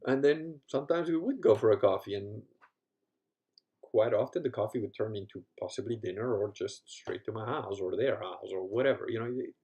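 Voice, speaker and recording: A man's voice: on the low side, a little fast, warm tone. A man telling casual, rambling stories full of profanity and laughter, acting out other people's lines as he goes. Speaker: podcast host. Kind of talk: casual storytelling chat.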